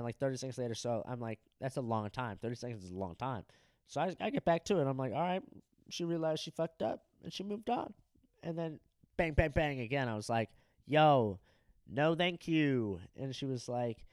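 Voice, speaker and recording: A young man co-hosting a podcast, telling a crude story in a loose, animated way and acting out the people in it. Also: medium pitch, a little fast, no echo, clean studio sound. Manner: animated, profane, acts out quoted people. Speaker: podcast co-host.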